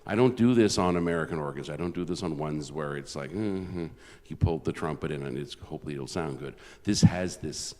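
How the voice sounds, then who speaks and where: Speaking fast and with few pauses, this Canadian concert organist has a very deep, warm voice. He offers a conversational, self-deprecating introduction full of restarts, with the long reverberation of a large church around him.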